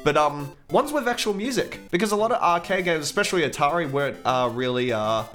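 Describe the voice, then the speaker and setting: A man co-hosting a casual video game music podcast, sounding stuffed up from hay fever, relaxed and full of fillers and laughs. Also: on the high side, brisk. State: blocked nose from hay fever. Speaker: podcast co-host.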